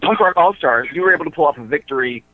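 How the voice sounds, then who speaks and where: A man calling in to a radio show, talking through wrestling matchups in a halting way, with lots of fillers and restarts. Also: a little high, expressive, dry recording. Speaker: wrestling promotion insider guest. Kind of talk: casual radio chat. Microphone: phone. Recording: tinny phone line.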